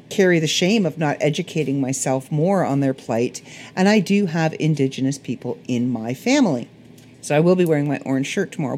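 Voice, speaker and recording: A woman with a Canadian accent, a little hoarse, rambling through a casual solo podcast chat. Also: very deep voice, dark tone, a little hiss or hum. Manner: rambling, chatty, self-correcting. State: slightly hoarse. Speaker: podcast host.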